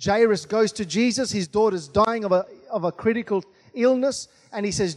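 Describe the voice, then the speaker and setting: A man's voice: high voice, moderate pace, hardly any pauses. A man preaching a sermon as pastor, punctuating his points with calls of amen and hallelujah. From Australia. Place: large church hall. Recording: long hall reverb.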